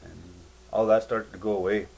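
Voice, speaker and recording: A man giving a personal spiritual testimony in a halting, rambling way, full of fillers and restarts. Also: on the low side, steady tone, creaky, darkish tone, slightly rough, low-quality recording.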